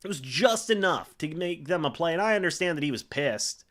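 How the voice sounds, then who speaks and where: A young man hosting a live stream, reacting to a football game and calling plays in an excitable way, full of fillers. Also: a little high, fairly quick. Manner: excitable play-by-play with frequent fillers.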